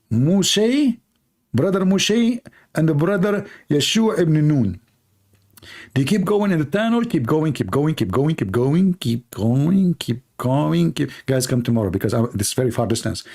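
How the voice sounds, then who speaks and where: A man's voice: fairly high pitch, creaky, mellow. A man hosting a livestream, giving mocking commentary in a sarcastic, jokey, repetitive way, with the grammar of a non-native English speaker. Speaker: livestream host.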